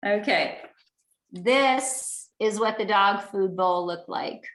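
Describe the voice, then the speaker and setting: An earnest middle-aged woman telling a personal story, often stopping to restart a sentence. Her voice sits at an ordinary pitch. The room gives it a noticeable echo. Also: slow, fairly bright tone. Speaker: guest speaker. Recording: roomy echo.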